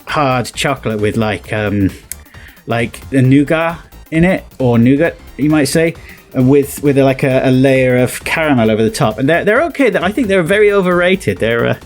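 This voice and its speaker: A man from southwest England with a West Country accent, chatting through a casual reaction commentary and rambling on with lots of fillers and restarts. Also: medium pitch. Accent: West Country English. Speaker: video commentator.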